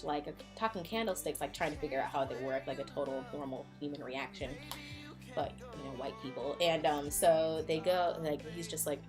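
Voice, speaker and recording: A woman's voice: deep voice, moderate pace, music in the background. A woman vlogger giving a sarcastic, casual retelling, full of fillers.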